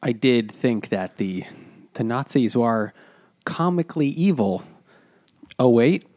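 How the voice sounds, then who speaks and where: A man's voice: medium pitch, lively intonation, slow, a little mellow, no room sound, clean studio sound. A man co-hosting a casual book podcast, talking hesitantly with many fillers. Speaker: podcast co-host. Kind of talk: casual chat.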